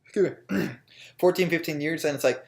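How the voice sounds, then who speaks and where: A man's voice: a little high, normal speed, vocal fry. A young adult man co-hosting a podcast, rambling casually and swearing often. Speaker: podcast co-host. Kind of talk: casual chat.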